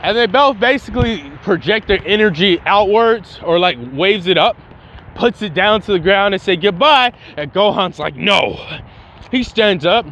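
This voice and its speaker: A man casually narrating a made-up story in a slangy, animated way, breaking into fight sound effects. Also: sits high, normal speed, a little hiss or hum. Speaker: fan channel host.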